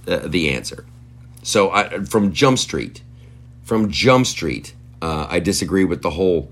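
A man hosting a comedy podcast, ranting in a profane, incredulous way with stumbling restarts. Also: low voice. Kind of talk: rambling comedic rant.

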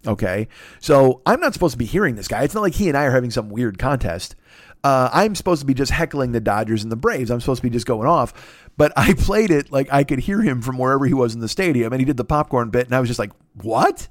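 A man hosting a comedy podcast, telling a long profane story in a rambling, animated way, full of restarts and asides. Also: mid-range voice, quick pace, no echo, clean studio sound. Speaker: podcast host.

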